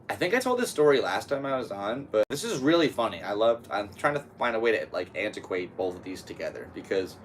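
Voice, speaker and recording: Deep-voiced rambling man hosting a podcast. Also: far from the mic, a little hiss or hum. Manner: rambling, animated, breaks into loud yelps. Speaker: podcast host. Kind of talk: casual solo podcast monologue.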